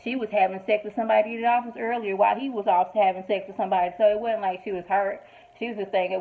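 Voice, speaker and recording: A woman's voice: medium pitch, fast. Chatty woman recapping a TV episode. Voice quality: animated, emphatic storytelling with quoted asides. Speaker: TV show reviewer. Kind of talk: casual recap and review. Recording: tinny phone-like audio.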